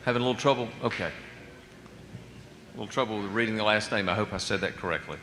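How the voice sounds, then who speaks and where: A man's voice: on the low side, pushed and bright. Courteous chairman in a roomy hall. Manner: courteous, brisk. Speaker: committee chair. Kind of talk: chairing a public hearing. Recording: roomy hall with crowd noise.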